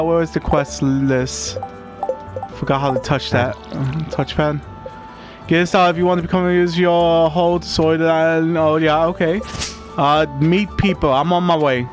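A man doing casual, rambling game commentary who swears often and talks straight to his viewers. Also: on the high side. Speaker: gamer. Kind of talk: casual let's-play commentary.

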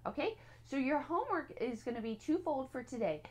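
A woman's voice: sits high, very animated, fairly quick, a little mellow. A woman teaching a casual spoken parenting lesson, earnest and direct, openly admitting her own slips.

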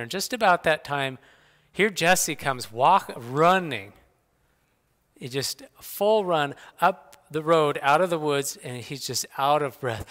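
A middle-aged man speaking at church, telling personal stories in a folksy, animated way. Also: a little high, unhurried. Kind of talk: personal storytelling talk. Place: church sanctuary. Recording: long hall reverb.

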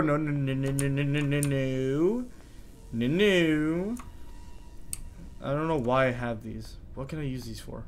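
A man doing horror game commentary, jittery, chattering to himself and quick to panic. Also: mid-range voice, slight background noise. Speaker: gaming YouTuber.

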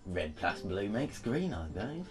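A young-sounding man chatting through a puzzle game, his pitch bouncing around in a lively, animated way. He talks to himself as he plays, playful and quick to giggle, with faint music underneath. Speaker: game player. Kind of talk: casual let's-play banter.

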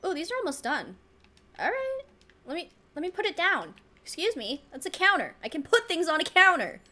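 A woman's voice: very high voice, big pitch swings, moderate pace, bright, forceful tone. A woman giving casual gameplay commentary, flustered and self-mocking, laughing often. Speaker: let's play gamer.

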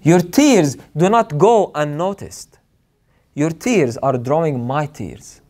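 Male preacher, slightly high voice, earnest and emphatic, leans on repetition. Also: expressive, slow, darkish tone. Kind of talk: sermon.

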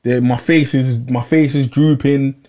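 A young man, telling a long personal story in casual chat, animated and repeating himself, full of slang. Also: mid-range voice, unhurried. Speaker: podcast regular.

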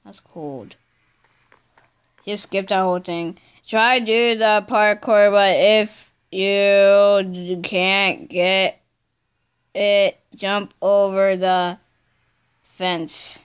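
A woman's voice: mid-range voice, steady tone, drawn-out words, clean tone, lo-fi sound. A woman casually commenting on her own gameplay, chatty and talking to herself, breaking into screams when she fails. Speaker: gameplay channel host.

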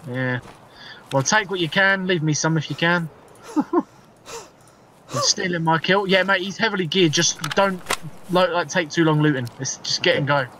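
A man's voice: high voice, big pitch swings, unhurried, pauses often, sharp tone, a little hiss or hum. A man chatting and laughing during a game, a bit off the mic. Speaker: gamer. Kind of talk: casual gaming chat.

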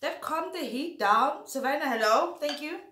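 A woman's voice: sits high, expressive, moderate pace, pushed and bright, roomy sound. A woman chatting theatrically while eating spicy food, sometimes talking with her mouth full. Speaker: YouTuber. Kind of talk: casual eating vlog chat.

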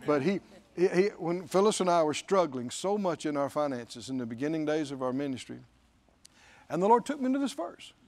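Animated high-voiced male preacher. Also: a little fast. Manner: emphatic, repeats phrases and quotes scripture. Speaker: pastor. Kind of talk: sermon.

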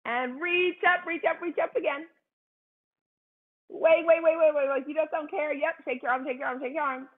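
A woman's voice: high voice, fairly even intonation, normal speed. A woman teaching a family yoga class, leading poses with playful, encouraging cues. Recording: tinny phone-like livestream audio.

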